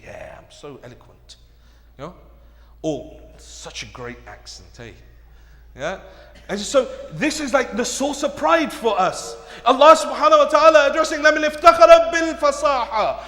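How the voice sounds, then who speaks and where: Man, sermon, very high voice, dramatic storytelling, booming reverb of a big hall. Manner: dramatic storytelling with rising shouted peaks. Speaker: preacher. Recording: echoey hall, long reverb.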